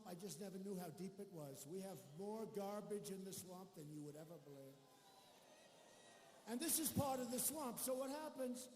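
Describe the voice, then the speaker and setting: A man's voice: sits high, a little mellow, a little hiss or hum. A man giving a rambling, boastful rally speech with mocking asides to a large arena crowd. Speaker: political speaker at a campaign rally. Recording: echoey arena hall with faint crowd ambience.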